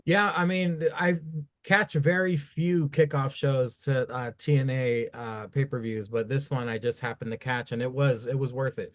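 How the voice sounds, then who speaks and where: A man co-hosting a casual wrestling review podcast, talking in a profane, animated, rambling way. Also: medium pitch, normal speed. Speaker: podcast co-host.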